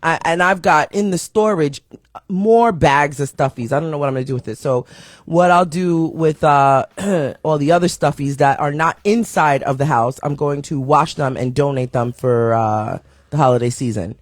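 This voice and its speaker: Woman, raspy voice, casual live-stream host, chatty, reads viewer comments, playful shout-outs, dry close sound. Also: low-pitched, normal speed, no room sound. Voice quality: raspy morning voice.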